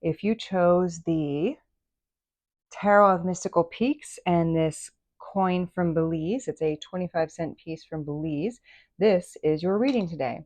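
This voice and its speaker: A woman's voice: lowish voice, measured pace. A woman giving a chatty, casual tarot reading, full of fillers and exclamations. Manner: chatty, animated, many fillers. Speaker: tarot reader.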